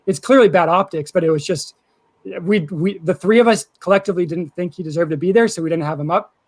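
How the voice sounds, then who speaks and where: Calm explaining man on a podcast. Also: high voice, fast. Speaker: podcast co-host. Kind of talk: casual podcast chat.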